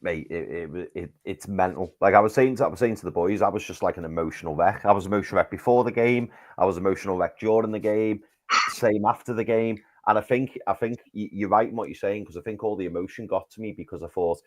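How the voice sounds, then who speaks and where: A man's voice: fairly low pitch, lively intonation, quick pace. A man from England telling an emotional story as a guest on a fan podcast.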